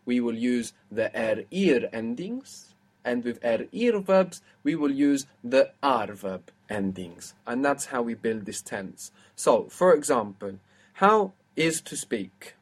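A man's voice: mid-range voice, big pitch swings, slow. A man teaching a language lesson, explaining step by step and prompting his student.

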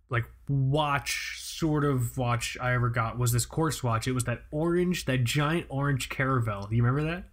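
A man's voice: mid-range voice, fairly bright tone. A young adult man hosting a podcast, chatting casually and telling a story full of restarts. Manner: rambling, storytelling with many restarts. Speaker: podcast host. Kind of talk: casual chat.

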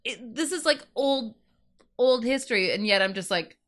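Rambling bright-voiced woman cohost. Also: fairly high pitch, expressive, normal speed. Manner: rambling, lots of "like". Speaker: podcast co-host. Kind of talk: casual chat.

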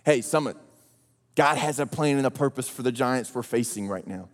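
A man preaching a sermon, telling the story in a joking, animated way with slang and acted-out voices. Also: medium pitch, moderate pace. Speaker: pastor. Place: large church auditorium. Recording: long hall reverb.

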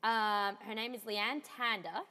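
A woman from Australia with an Australian accent, co-hosting a casual podcast chat, animated and full of quick asides. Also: mid-range voice, long reverb tail. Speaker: podcast co-host.

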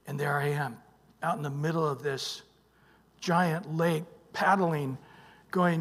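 A male pastor preaching a sermon, emphatic, swinging from loud bursts to hushed near-whispers and prompting the congregation with "what?". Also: fairly high pitch, fairly even intonation, slow, pauses often, big-room sound, a little hiss or hum. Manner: emphatic, calls out "what?" for the congregation to fill in verses. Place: church sanctuary.

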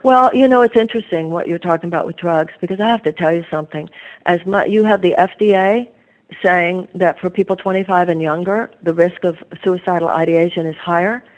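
A woman's voice: lowish voice, brisk, a little mellow, dull audio. A woman author being interviewed, telling her story in an earnest, reflective way. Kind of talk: conversational interview.

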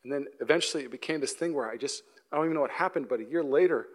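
A young man preaching a sermon, telling a story with acted-out voices and laughs, then dropping to a soft, low, earnest voice for the serious points. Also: very fast, few pauses. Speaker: pastor. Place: church auditorium.

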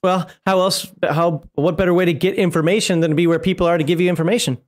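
A man's voice: high voice, steady tone, fast talker. A man co-hosting a casual chat about a tabletop game, teasing and laughing often. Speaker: podcast co-host.

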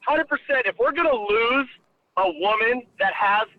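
A man calling in to a radio show from his car, rambling excitably with lots of fillers over the phone. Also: very high-pitched, moderate pace, no room sound. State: driving while calling in. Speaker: caller. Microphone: phone line. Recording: muffled phone call with faint noise.

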